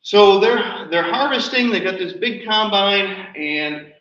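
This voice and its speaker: Casting: male presenter, high and bright voice, chatty storyteller, roomy hall, distant muffled mic. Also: expressive, slow pace. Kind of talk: slide show talk. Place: nature center hall. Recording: roomy, distant, dull livestream audio.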